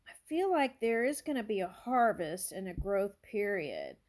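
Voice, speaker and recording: This tarot reader sounds very animated, with a mid-range, darkish voice at a moderate pace. She reads casually, thinking aloud and musing over each card with small exclamations.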